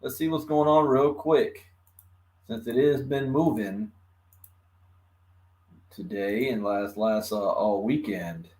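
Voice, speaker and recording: A man's voice: medium pitch, slow pace, long pauses, darkish tone. A man from Los Angeles hosting a casual live stream about crypto. His mouth is numb from the dentist, so he talks with a slight lisp, and he greets viewers by name and chuckles often. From Los Angeles, California.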